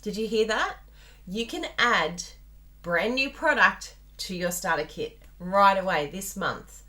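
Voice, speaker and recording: A woman's voice: medium pitch, expressive, slow pace, pushed and bright. A woman with an Australian accent hosting a chatty live card-making tutorial, bubbly and talking straight to her viewers. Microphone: plugged-in microphone at a desk.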